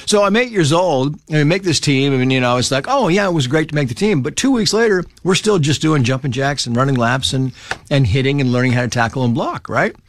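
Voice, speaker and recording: A man telling personal stories in a casual conversation, lively and acting out the people he quotes. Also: brisk. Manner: animated storyteller who acts out quoted voices in high pitch.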